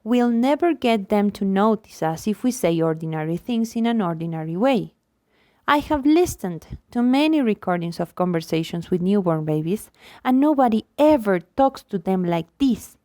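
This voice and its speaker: A woman lecturer reading a book chapter aloud in an expressive, lively way, acting out the examples. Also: mid-range voice, normal speed, no room sound. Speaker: linguistics lecturer.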